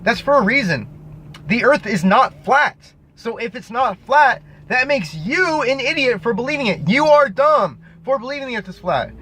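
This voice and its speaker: A man's voice: very high-pitched, sing-song, normal speed, sharp tone, breathy edge, low-quality recording. A man vlogging an angry, profane rant straight to camera, insulting and emphatic. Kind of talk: angry ranting monologue to camera.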